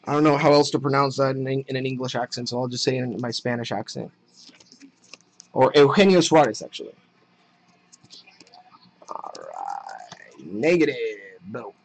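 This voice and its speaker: A young man chatting casually while opening trading card packs on a live break, excited at the hits and muttering asides. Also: mid-range voice, normal speed, gravelly, pauses often, husky, poor audio.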